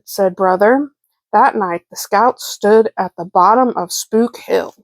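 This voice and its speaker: A woman reading a children's picture book aloud, slow, clear and expressive. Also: mid-range voice, no echo. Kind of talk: storybook read-aloud.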